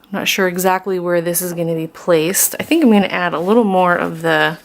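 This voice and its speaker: A woman's voice: on the low side, steady tone, a little fast, vocal fry. A woman chatting casually as she works through a craft tutorial, rambling with self-deprecating asides, recorded on a camera's built-in mic. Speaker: craft vlogger.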